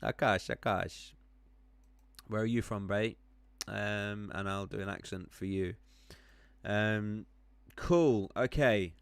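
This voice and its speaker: Gravelly man rambling through a live stream. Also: fairly low pitch, slow, no echo. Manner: rambling, many ums and self-corrections while clicking around. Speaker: crypto chart streamer. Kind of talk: live-stream chart analysis and chat.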